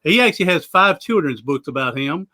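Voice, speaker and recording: A man's voice: fairly high pitch, lively intonation, brisk, bright, forceful tone. A man, a guest talking in an easygoing, rambling way over a video call. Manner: easygoing, rambling with frequent "uh" and restarts. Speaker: guest, motivational speaker. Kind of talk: casual interview chat.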